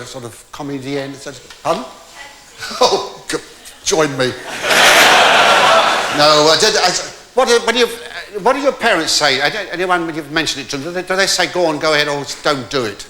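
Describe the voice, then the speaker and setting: A man's voice: on the high side, expressive, normal speed, heavy background noise. An older man telling a rambling comic story on stage in a debating hall, stammering with false starts and theatrical asides. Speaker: stand-up comedian.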